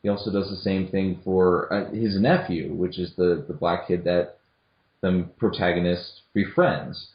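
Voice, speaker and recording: Young male co-host, lowish voice, hesitant casual delivery, echoey lo-fi room. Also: steady tone, unhurried. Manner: hesitant, many restarts and fillers. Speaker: podcast co-host. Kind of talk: casual film discussion. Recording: echoey room, dull lo-fi audio.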